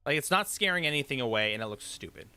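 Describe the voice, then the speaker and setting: A man chats casually at mid pitch with a bright, clear tone. His comments are wry and offhand, tossed in beside his partner's story. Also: lively intonation, quick pace. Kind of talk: casual chat.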